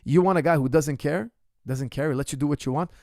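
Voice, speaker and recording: A male coach holds forth in a Q&A monologue, blunt and emphatic, hammering the same point home and talking to the viewer directly. His voice sits a little high with a gravelly, creaky edge, recorded close and dry. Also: fairly quick, warm tone, no echo. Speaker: martial arts coach. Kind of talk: ask-me-anything Q&A monologue.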